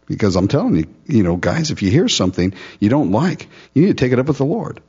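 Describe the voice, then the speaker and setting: A man's voice: medium pitch, big pitch swings, quick pace, hardly any pauses, dark tone, husky, dull audio. A man preaching a sermon as pastor, teaching verse by verse, laughing often and acting out the Bible figures with sarcasm.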